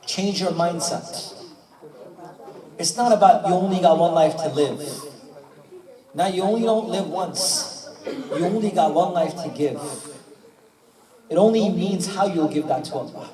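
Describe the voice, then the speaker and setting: High-voiced preacher telling a story. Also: male voice, unhurried, long pauses, crowd noise. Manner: animated, acts out the dialogue of the story, chuckles often. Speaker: mufti, preacher. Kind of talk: storytelling sermon. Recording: echoey hall from far off with audience.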